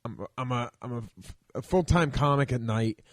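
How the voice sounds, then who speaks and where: A man in his thirties with a South Philadelphia accent, an animated, joking comedian chatting as a podcast guest. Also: medium pitch, moderate pace, dry recording. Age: 30s. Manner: animated, joking, says bro and dude. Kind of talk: casual chat.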